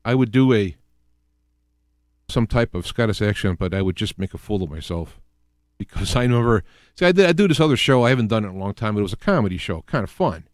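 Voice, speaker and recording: A man's voice: lowish voice, lively intonation, fast talker, no echo, clean studio sound. A man from the US Midwest with a Midwestern accent, hosting a casual solo radio talk show and rambling through examples with many restarts and fillers. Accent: Midwestern American.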